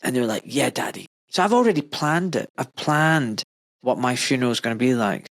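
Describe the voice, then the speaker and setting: A man hosting a podcast, talking in a casual, animated way with rising, emphatic questions. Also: medium pitch, a little fast, no echo. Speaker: podcast host; doctor. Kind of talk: casual conversation.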